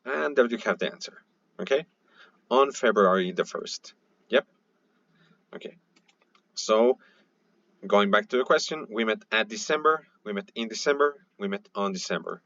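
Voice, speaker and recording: A man with a Mexican Spanish accent, a native Spanish speaker, walking through an English grammar lesson, explaining slowly and checking in with "okay?" and "mm-hmm". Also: lowish voice, lively intonation, creaky, a bit bright, dry recording. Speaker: English teacher. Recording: dull lo-fi audio.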